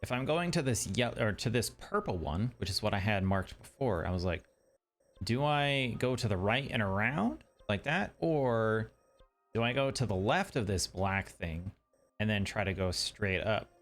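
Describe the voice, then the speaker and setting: A man's voice: lowish voice, animated, normal speed, soft background music. A man streaming a video game, chatting casually and thinking aloud as he plays. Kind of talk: casual gameplay commentary.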